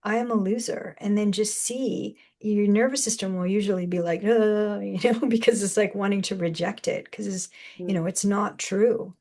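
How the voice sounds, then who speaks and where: A woman's voice: mid-range voice, normal speed. A woman giving spiritual guidance in a casual, rambling way, often acting out quoted inner voices. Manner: rambling, animated, acts out quoted voices with laughs. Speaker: spiritual channeler guest.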